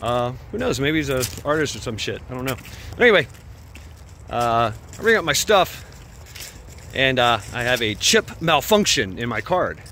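A man's voice: medium pitch, sing-song, moderate pace, pushed and bright, slight background noise. A man vlogging while walking his dog outdoors at night, telling a story in a rambling way with lots of fillers and restarts.

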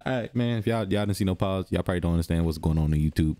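Young gaming host: low, dark voice, jumpy, slangy let's-play chatter. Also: male voice, racing, no echo. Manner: excitable, slangy, talks to himself; drops to a hush when the game gets quiet.

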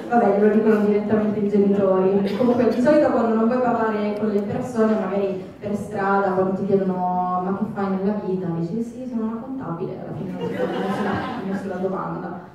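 A woman interpreting for a convention panel, measured and hesitant with fillers. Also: mid-range voice, steady tone, lo-fi sound. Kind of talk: consecutive interpreting. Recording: echoey convention hall from far off, crowd noise.

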